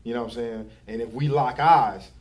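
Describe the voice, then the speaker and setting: A man's voice: medium pitch, fairly quick, darkish tone. A young man, a barber giving advice to new barbers in casual, profane chat, repeating his catchphrases. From Philadelphia. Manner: loose, swearing, repeats catchphrases.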